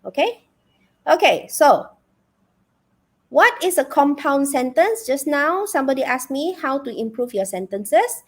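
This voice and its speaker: A woman with a Malaysian English accent runs a live online English lesson in a fairly high voice. She keeps it animated and asks the class one question after another. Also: a little slow. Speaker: English teacher.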